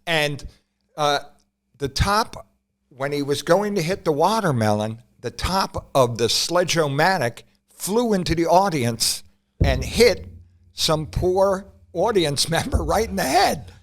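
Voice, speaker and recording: Male co-host, somewhat high voice, hesitant rambling delivery, casual chat. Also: very animated. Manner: halting, rambling recollection.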